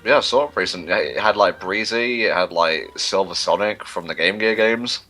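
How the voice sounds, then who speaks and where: A man's voice: low voice, moderate pace, sharp tone, faint music behind. A man co-hosting a casual gaming livestream, chatty, reading viewer questions aloud and commenting on the game. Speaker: livestream co-host reading chat.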